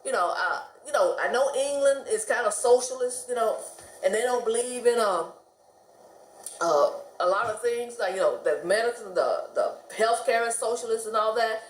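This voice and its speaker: Her voice sits on the high side at a moderate pace, recorded in an echoey room with a little hiss or hum. This middle-aged US vlogger tells stories to camera casually, chatting, laughing often and animating the voices she quotes.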